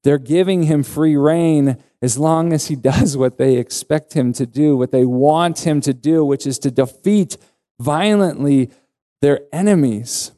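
A male pastor delivering an earnest sermon with emphatic rises in pitch. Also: a little slow, warm tone.

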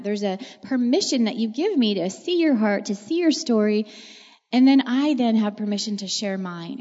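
A woman's voice: mid-range voice, darkish tone. A woman counselor answering audience questions at a church event, earnest and reflective, with emphatic repetition. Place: large hall with an audience. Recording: echoey hall, dull lo-fi sound.

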